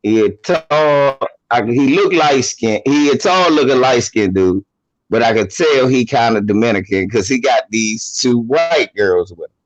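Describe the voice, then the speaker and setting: A man from New York tells a work story on a podcast, loud with slang and swearing. His voice sits at a middle pitch and sounds close and dry. The audio is dull and lo-fi, like a cheap home setup. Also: a little slow, no room sound. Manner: animated, profane, street-slang storytelling. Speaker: podcast co-host. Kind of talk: casual storytelling chat.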